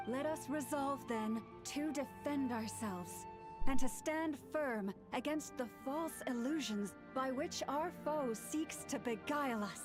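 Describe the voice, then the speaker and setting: A woman voicing Lauma, a solemn young moon priestess who leads with calm, measured speeches. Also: high voice. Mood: rousing. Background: game music.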